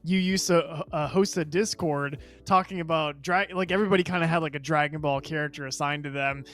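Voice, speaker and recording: A man's voice: a little high, steady tone, brisk, a bit bright. A male podcast co-host in casual gaming chat, rambling and enthusiastic, laughing often.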